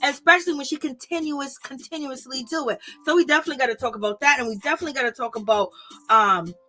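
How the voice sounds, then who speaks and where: High, bright-voiced exasperated woman vlogger. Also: quick pace, faint music behind. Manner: exasperated, animated, slangy, talks to viewers directly. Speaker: vlogger reviewing reality TV. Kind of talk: casual ranting commentary.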